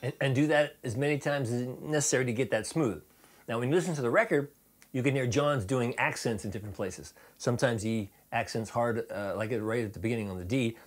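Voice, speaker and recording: A man teaching a rock guitar lesson in a relaxed, chatty way, with fillers and restarts, playing along on guitar. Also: medium pitch, fairly quick.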